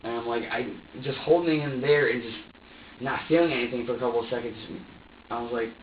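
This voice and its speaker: A man's voice: medium pitch, fairly quick, slight background noise. A man under police questioning who gives a rambling, profane account full of restarts and acts out what he was thinking. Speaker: suspect being questioned. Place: interrogation room. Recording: distant, echoey, dull room recording.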